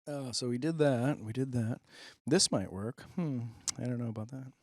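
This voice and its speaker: A man's voice: medium pitch, normal speed, a little mellow, no echo, studio quality. A middle-aged man hosting a stand-up comedy monologue, rambling with self-deprecating, muttered asides. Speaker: comedian host.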